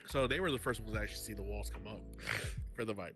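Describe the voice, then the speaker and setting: A man's voice: fairly low pitch, fast. Man, congested, foul-mouthed storyteller, laughing co-host, faint music behind. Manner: swearing, storytelling, laughs often. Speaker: podcast co-host. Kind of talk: casual podcast chat. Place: voice chat in a virtual-reality app.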